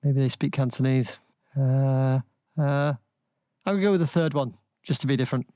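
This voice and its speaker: A man's voice: mid-range voice, normal speed, dark tone, no room sound, clean studio sound. A man co-hosting a casual film podcast, hesitant and unsure, stumbling over the starts of his sentences. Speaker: podcast co-host.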